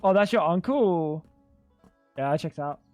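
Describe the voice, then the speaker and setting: A man's voice: fairly high pitch, expressive, a little slow, a little mellow, dry recording, faint music behind. A man live-streaming a video game in casual, chatty commentary, swearing freely and calling everyone "dude". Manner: chatty, swears a lot, keeps saying "dude". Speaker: gaming streamer.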